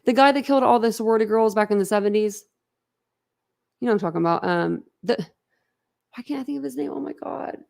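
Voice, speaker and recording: Talking with live viewers in a blunt, casual way, this streamer rambles and laughs often. She has a fairly high, creaky, slightly mellow voice, speaks fast, and leaves long pauses.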